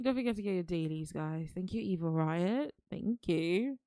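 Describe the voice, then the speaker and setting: Woman streamer, low voice, dry close sound; chatty and affectionate with chat. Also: animated, normal speed, dark tone, no echo. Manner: chatty, affectionate, calls viewers darling. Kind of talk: casual live-stream chat.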